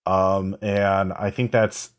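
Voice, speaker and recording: A man's voice: low voice, little pitch movement, slow, clear, resonant tone. A man co-hosting a role-playing podcast, talking in a rambling, reflective way with lots of "like" and "you know". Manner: rambling, many fillers and restarts, reflective. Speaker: podcast co-host. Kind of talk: casual chat.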